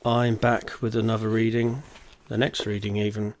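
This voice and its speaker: A man's voice: on the low side, little pitch movement, moderate pace, slight background noise. A man reading his own novel in one casual take, dry and sweary, with a slightly blocked nose.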